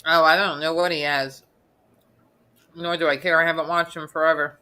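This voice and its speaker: A blunt woman rants on a casual live stream. Her voice is bright and forceful and sits a little low in pitch. She restarts her sentences often. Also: little pitch movement, moderate pace.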